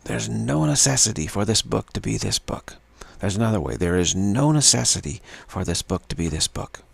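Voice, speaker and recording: Guy with a gravelly, husky low voice doing a slow spiritual talk, lots of uhs and restarts, dry close sound. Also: expressive, dry recording. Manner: slow, halting, repeats words with many fillers. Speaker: spiritual teacher.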